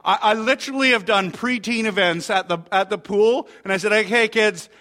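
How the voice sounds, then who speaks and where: A man preaching a sermon, telling a Bible story with energy and reading scripture aloud, at times dropping to a soft, low voice. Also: fairly quick. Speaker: pastor.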